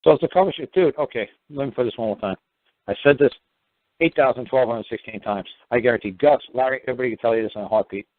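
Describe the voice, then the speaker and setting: A man answers callers on a call-in show, blunt and profane, lecturing as if he has said it all before. He talks fast. His voice comes through dry and thin, with a tinny phone-line sound. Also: mid-range voice, dry recording. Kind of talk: call-in radio talk.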